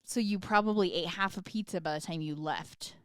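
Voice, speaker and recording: A woman's voice: fairly low pitch, a little fast, fairly bright tone, smooth, no room sound. A woman co-hosting a podcast in casual chat, with a dry, teasing manner. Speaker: podcast co-host.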